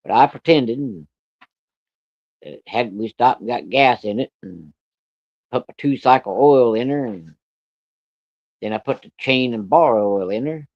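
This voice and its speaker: A man's voice: mid-range voice, a little slow, long pauses, a little mellow, dry recording. Folksy, profane male storyteller, muffled audio. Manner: folksy, profane, colloquial country grammar. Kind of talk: casual spoken storytelling.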